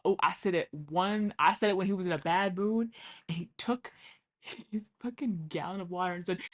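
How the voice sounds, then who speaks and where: A woman's voice: medium pitch, fairly bright tone. A young woman telling funny childhood stories in a chatty, casual way, swearing freely and acting out what people said. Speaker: vlogger. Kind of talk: casual storytelling.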